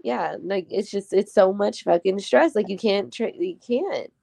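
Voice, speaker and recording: A woman's voice: mid-range voice, unhurried, gravelly, warm tone, no room sound. A woman, a mother, chatting on a podcast in a blunt, profane, chatty way. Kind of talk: casual podcast chat.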